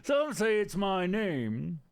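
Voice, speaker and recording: Man doing a posh, pompous aristocrat; high, sing-song drawl. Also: big pitch swings, takes it slowly, smooth, heavily acted. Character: posh upper-class man who can't keep a job.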